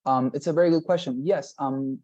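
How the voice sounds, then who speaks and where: A man's voice: mid-range voice, fairly even intonation, brisk, warm tone, highs cut off. A man teaching an online exam-prep class over a video call, explaining at length and checking in with the students. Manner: explanatory, repeats "nonetheless" and "right?".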